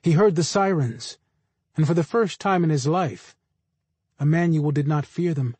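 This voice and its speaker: A man reading a story aloud as an audiobook narrator, in measured, unhurried scripted narration. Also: a little high, darkish tone, slightly rough, no room sound.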